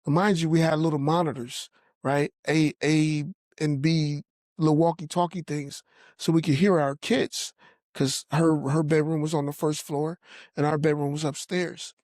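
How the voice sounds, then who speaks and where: A man's voice: a little high, flat delivery, normal speed, darkish tone, no room sound, clean studio sound. A man sharing a personal faith testimony in earnest storytelling, acting out the voices of people he quotes. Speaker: podcast guest telling his testimony.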